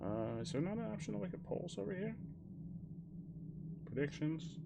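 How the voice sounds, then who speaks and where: A young man streaming a game, joking with chat and swinging between loud outbursts and quiet mumbling. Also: high-pitched, very animated, moderate pace, vocal fry, very noisy. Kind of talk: livestream gameplay commentary.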